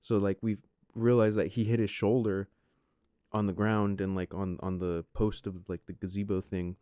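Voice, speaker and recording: A man's voice: fairly low pitch, little pitch movement, normal speed, warm tone, clear, resonant tone, no echo, studio quality. A man in his twenties hosting a podcast, telling a story casually and rambling with lots of "like" and "you know" fillers. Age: 20s. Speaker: podcast host.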